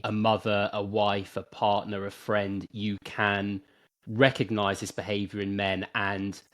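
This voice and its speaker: A man hosting a podcast who asks questions in a measured, hesitant way. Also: fairly low pitch, flat delivery. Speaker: podcast host. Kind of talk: interview questions.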